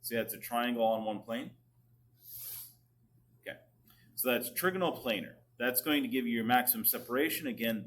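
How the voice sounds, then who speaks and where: A man's voice: medium pitch, a bit bright. A man lecturing a class as a chemistry teacher, coaxing students to answer and often drifting away from the microphone.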